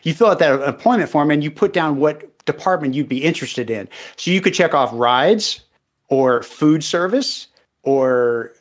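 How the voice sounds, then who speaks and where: A man's voice: on the high side, expressive, moderate pace. A man co-hosting a casual podcast in an easygoing way, telling an anecdote from his past. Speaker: podcast co-host.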